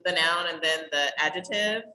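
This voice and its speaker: Low-voiced woman asking grammar questions. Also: normal speed, a crowd in the background. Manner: hesitant, searching for words. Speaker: student. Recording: echoey room with faint noise.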